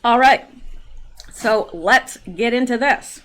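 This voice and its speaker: A woman with a slightly high voice delivers solo political commentary. She reads news items aloud and breaks in with sarcastic asides, many fillers and now and then a cleared throat. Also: slow, fairly bright tone. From Canada.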